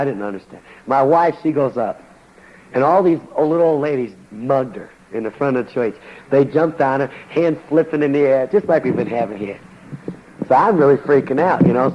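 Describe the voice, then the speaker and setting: A man's voice: mid-range voice, muffled recording, slight background noise. An older man, a former boxer, telling his conversion story as a church testimony in a colloquial, slangy storytelling manner.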